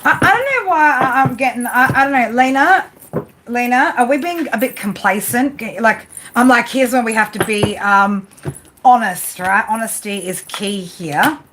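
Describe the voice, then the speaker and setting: A woman's voice: on the high side, moderate pace, background noise. A woman doing live tarot readings, chatty and rambling, often restarting her sentences. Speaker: tarot reader.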